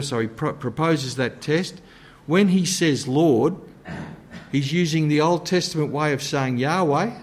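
Guy giving a sermon, earnest, bit higher pitched, goes quiet and low to make a point. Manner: earnest, drops to a soft low voice for emphasis. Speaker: preacher.

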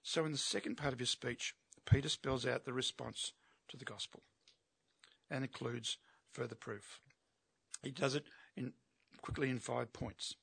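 A man's voice: mid-range voice, steady tone, measured pace, gravelly, fairly bright tone, husky, no echo. A man preaching an expository sermon, emphatic and asking his listeners rhetorical questions.

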